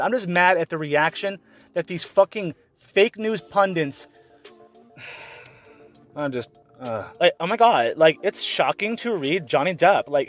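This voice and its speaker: A man ranting sarcastically in an online commentary video, exasperated and swearing often. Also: fairly high pitch. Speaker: commentary vlogger.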